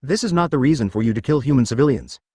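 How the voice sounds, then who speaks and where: A man's voice: mid-range voice, expressive, racing, darkish tone, husky, no room sound, clean studio sound. A man reading the part of a stern, solemn male fishman warrior in a web-novel story, speaking reproachfully. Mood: stern reproach.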